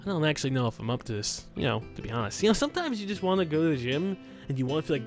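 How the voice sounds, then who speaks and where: Man, let's play host, crude jokes, rambling, fairly high voice, faint music behind. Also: big pitch swings, rapid-fire. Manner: joking, crude, rambling asides. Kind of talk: casual let's play commentary and visual novel reading.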